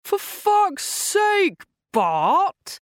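A woman voicing an indignant grown man shouting angrily at his brother in an audiobook. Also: very high-pitched, wildly swooping pitch, drawn-out words, dry recording, studio quality, voice pushed up, exaggerated voice. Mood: furious.

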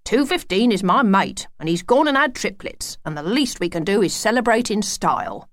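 A woman's voice: medium pitch, animated, moderate pace, no echo, pitched above the performer's own voice, close to an everyday voice. A woman playing a hearty, generous old grandfather who talks in a blunt, homely way.

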